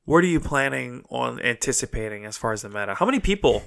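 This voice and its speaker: A man co-hosting a casual podcast chat, talking quickly and a little stuffed up from allergies. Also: medium pitch, animated, gravelly, a bit bright. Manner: quick, talkative, laughs easily. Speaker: podcast co-host. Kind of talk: casual chat about card games.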